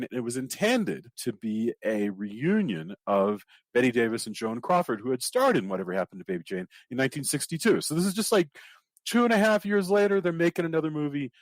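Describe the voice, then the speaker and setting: A Texan man hosts a relaxed podcast chat, his pitch rising and falling with real animation. He laughs easily and talks over the others. The sound is close and dry. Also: no echo. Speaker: podcast host.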